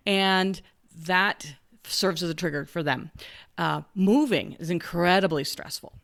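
A woman's voice: on the low side, a little slow, gravelly, a bit bright. A woman co-hosting a casual chat, frank and emphatic with blunt asides.

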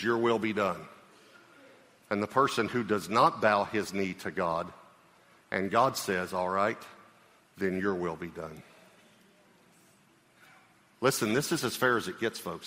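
A man's voice: fairly low pitch, sharp tone. A middle-aged male pastor with a Southern US accent, preaching a sermon in a conversational way, repeating phrases and checking in with his listeners. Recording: live sermon in a reverberant hall.

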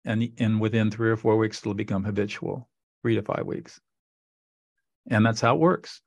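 A man's voice: fairly low pitch, flat delivery, moderate pace, darkish tone, no echo. Earnest man explaining in a dry voice. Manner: earnest, instructive, repeats phrases for emphasis. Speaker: podcast host. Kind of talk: conversational interview.

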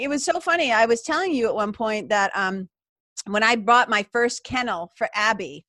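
A woman's voice: fairly high pitch, normal speed, bright, forceful tone, no echo. A woman hosting an interview podcast, talking in an effusive, rambling way with many restarts. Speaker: podcast host. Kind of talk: casual interview chat.

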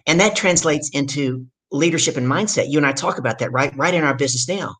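A woman from the Deep South, a guest on a podcast, telling her story in a loud, energetic way. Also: quick pace, breathy edge. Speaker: guest, leadership coach.

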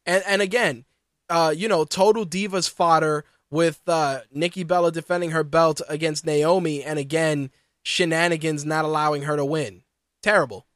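A man co-hosting a casual wrestling podcast, talking in an animated, profane way and mocking what he quotes. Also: fairly high pitch, normal speed, no room sound, clean studio sound. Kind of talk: casual chat.

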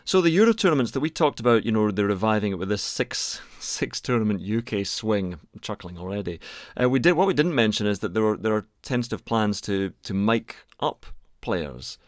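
A man co-hosts a casual chat with a fairly low voice. He talks in a relaxed way and chuckles now and then. The sound is close and dry. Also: brisk, no room sound. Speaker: podcast co-host.

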